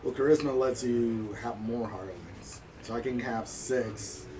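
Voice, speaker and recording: A man's voice: mid-range voice, a little slow. A man chatting casually at a tabletop game session, easygoing with short answers. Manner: easygoing, brief replies. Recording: roomy echo, distant mic, loud table chatter.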